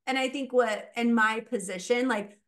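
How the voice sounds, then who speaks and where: A woman mindset coach talking casually as a podcast guest, animated and laughing often as she acts out quoted voices. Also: a little high, normal speed.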